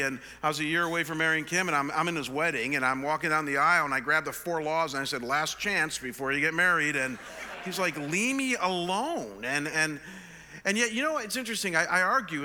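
A man in his sixties, a pastor, telling an animated, self-deprecating story in a sermon. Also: fairly high pitch. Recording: long reverb of a large hall.

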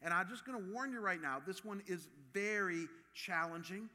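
A man in his fifties from Ohio, preaching a sermon with animated, personal storytelling. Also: high-pitched, moderate pace, long reverb tail. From Ohio, USA. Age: 50s. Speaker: pastor.

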